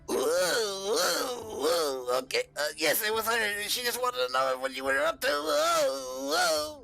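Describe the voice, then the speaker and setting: A squeaky little stuffed bear, all nerves and yelps, voiced by a man. The voice jumps high and swings widely, with a slow, dragging pace and gravelly edges. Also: sing-song, sharp tone, soft background music, heavily acted. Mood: yelping. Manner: squeaky, nervous, yelping. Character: small frightened pink talking bear.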